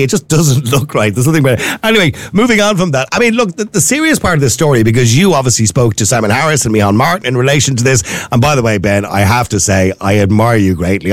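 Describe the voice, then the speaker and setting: Lively, fast-talking host. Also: male voice, medium pitch, no echo, studio quality. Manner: chatty, digressive questioning. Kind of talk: political interview.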